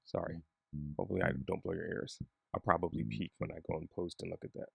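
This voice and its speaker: Gravelly-voiced man teaching bass. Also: fast, dry recording, clean studio sound. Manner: relaxed, chatty, self-deprecating. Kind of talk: casual bass lesson.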